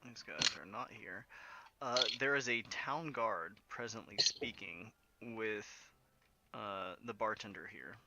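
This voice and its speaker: A man narrating as game master in a relaxed, hesitant way with frequent fillers. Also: fairly low pitch, takes it slowly, vocal fry, noisy background.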